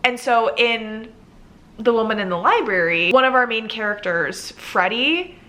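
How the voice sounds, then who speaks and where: A woman's voice: fairly high pitch, expressive, unhurried, sharp tone. A young woman in a casual book review vlog, chatting and thinking aloud with lots of "like" fillers. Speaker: book vlogger.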